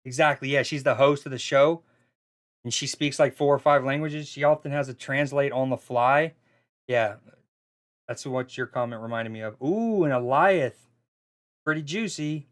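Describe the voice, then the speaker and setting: A man's voice: mid-range voice, normal speed. Chatty man doing casual esports commentary. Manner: chatty, loose, excitable, with frequent fillers and restarts. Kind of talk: casual live stream commentary.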